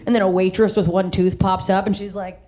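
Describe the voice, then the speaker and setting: On a theater stage, a Southern American woman comedian delivers a brash, profane stand-up set into a handheld mic, telling stories with animation. Her voice is medium in pitch and a little fast.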